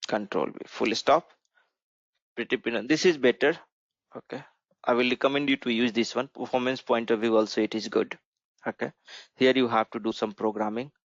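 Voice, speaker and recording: A man's voice: medium pitch, steady tone, moderate pace, dry recording. A man teaching a programming class, walking through code on screen and often checking in with "right?". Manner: explanatory, asks "right?" often. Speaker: programming instructor. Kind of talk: screen-share coding tutorial. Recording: dull lo-fi mic.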